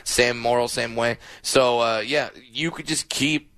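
A man speaks as a comedian guest in a relaxed interview, his voice at an ordinary middle pitch. He tells a story in loose bursts, full of restarts. The sound is dry and close, with no room around it. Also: measured pace, clear, resonant tone, no echo. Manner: rambling storyteller, many restarts and laughs. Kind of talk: casual interview chat.

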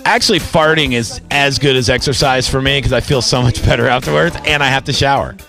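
A man's voice: medium pitch, quick pace, vocal fry, music in the background. A man hosting a radio show, bantering and reading odd news stories in a loose, teasing way. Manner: joking, teasing, reads news items loosely. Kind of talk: casual morning radio banter.

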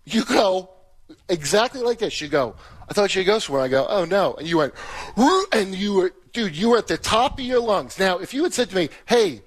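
A man's voice: high voice, animated, fairly quick. A comedian defending his version of a story on a radio talk show, lecturing and defensive. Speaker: comedian guest. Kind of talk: heated argument on a radio show.

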